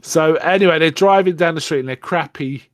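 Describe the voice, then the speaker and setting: A man's voice: fairly high pitch, a little fast, dry recording. A man in casual podcast chat, walking through a film scene by scene. He talks in loose, rambling bursts and slips into quoted lines. His voice sounds close and dry, with no room around it. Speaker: podcast co-host.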